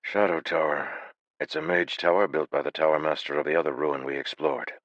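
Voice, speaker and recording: A man voicing a calm, unflappable male adventurer leader who speaks flatly and matter-of-factly. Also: a bass voice, a little fast, no echo, lo-fi sound, exaggerated voice. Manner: calm, flat, matter-of-fact.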